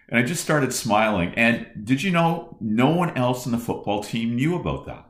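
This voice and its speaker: A man's voice: medium pitch, normal speed, hardly any pauses. A man in his fifties, a podcast host and former football coach, telling stories in conversation with many restarts. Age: 50s. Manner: animated storyteller with many restarts. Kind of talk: conversational storytelling. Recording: roomy echo.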